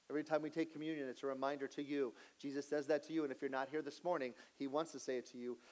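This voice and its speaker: A pastor delivering a sermon, earnest and direct. He moves between lively asides and quiet, hushed emphasis. His voice sits a little high for a man. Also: very fast, hardly any pauses.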